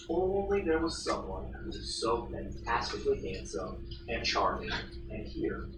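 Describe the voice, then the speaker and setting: A male high school history teacher lectures his class at an unhurried pace, telling stories and acting out the voices of the people he quotes. His fairly high voice comes from a distant mic in a roomy space with a noisy background.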